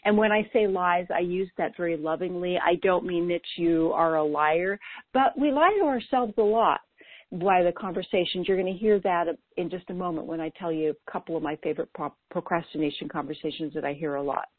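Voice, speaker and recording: Woman, ADHD coach, earnest playful scripted talk, lowish voice, dry tinny phone-like audio. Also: brisk, no room sound.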